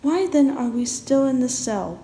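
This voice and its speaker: Woman voices an angry, demanding young captive with a high, pushed voice in a roomy space. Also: lively intonation, a little slow. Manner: loud, demanding. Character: young man, shouty defiant captive brother.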